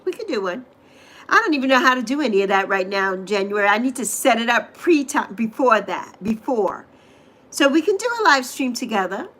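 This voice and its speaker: A woman's voice: a little high, expressive, brisk, a bit bright. A middle-aged woman hosting a casual livestream, greeting viewers by name and repeating phrases with gushing affection. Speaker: livestream host.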